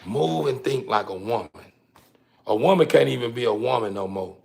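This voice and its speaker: A man's voice: mid-range voice, expressive, normal speed, gravelly, a little mellow. A man hosting a livestream, ranting casually with profanity, stumbles and repeated words. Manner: repetitive, stumbling, profane, laughing. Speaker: livestream host.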